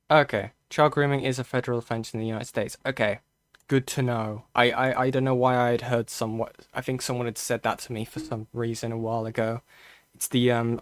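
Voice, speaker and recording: A man in a casual live-stream commentary, talking to his chat as he reads through things on screen. His voice sits in an ordinary middle pitch and is recorded dry and close, with no room sound. He thinks aloud, stalls on restarts and keeps coming back to "okay". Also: dry recording. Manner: halting, thinking aloud with restarts and frequent okays. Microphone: close desk mic.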